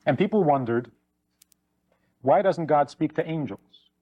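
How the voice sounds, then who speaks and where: A man's voice: lively intonation, a little slow, dry recording, lo-fi sound. A man, a rabbi, giving a teaching talk, telling stories and acting out the voices of the people in them. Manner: storytelling, acts out quoted voices with rising pitch.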